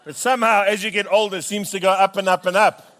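A middle-aged man preaching a sermon in an animated style. He often repeats words and rallies listeners with "Amen?". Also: high voice, quick pace, a faint crowd. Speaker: pastor. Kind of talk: sermon with comic storytelling.

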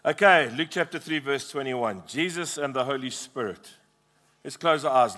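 A man's voice: mid-range voice, normal speed, pushed and bright. A middle-aged man preaching a passionate sermon as pastor, prompting the congregation to repeat lines.

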